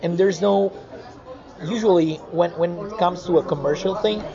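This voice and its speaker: A man's voice: sits high, moderate pace, creaky. A man being interviewed about his comic art in a casual chat, telling stories animatedly with many restarts and repeated words. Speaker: comic artist guest. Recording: muffled recording with busy crowd.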